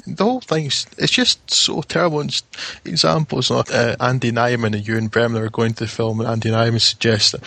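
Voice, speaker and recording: A man's voice: mid-range voice, brisk, gravelly, few pauses, sharp tone, no echo. A man reviewing a film on the radio, exasperated and mocking. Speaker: film critic.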